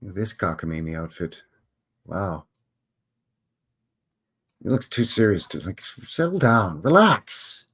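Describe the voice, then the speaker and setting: A man's voice: sits low, expressive, takes it slowly, pauses often, slightly rough. A man hosting a live stream, talking casually over old photos with joking, rambling, wry asides. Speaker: livestream host.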